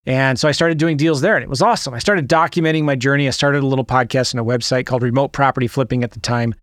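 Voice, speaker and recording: A man hosting a podcast, opening the episode with an energetic monologue full of rhetorical questions to his listeners. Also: mid-range voice, racing, no echo, studio quality. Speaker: podcast host.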